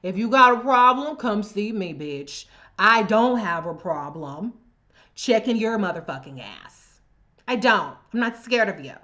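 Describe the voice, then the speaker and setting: A woman's voice: medium pitch, animated, a little slow, bright, forceful tone. An American woman hosting a livestream, delivering heated political commentary in a profane, confrontational, emphatic way and talking straight at her commenters. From United States. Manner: addresses commenters directly. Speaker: livestream host.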